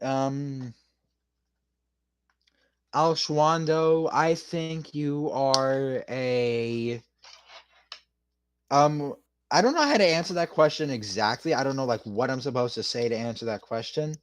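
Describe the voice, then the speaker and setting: A man's voice: mid-range voice, takes it slowly, pauses often, slight background noise. A man streaming casually, loosely freestyle rapping and answering chat with lots of rambling fillers.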